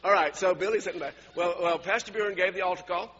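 A man delivers a sermon in a high, bright, slightly husky voice, telling a personal story and chuckling often as he repeats his words. The recording is dull and lo-fi, with the long reverb of a church hall around him. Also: fast. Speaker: pastor.

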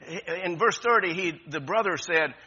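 A man's voice: sits high, normal speed, pushed and bright, husky, lo-fi sound. A man preaching a sermon with passion, repeating phrases and restarting often. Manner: impassioned, repetitive preaching with many restarts. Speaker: pastor.

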